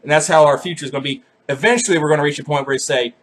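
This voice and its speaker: A man's voice: on the high side, racing, a bit bright, a little hiss or hum. A young man vlogging a swearing, self-mocking comedic rant straight to the camera.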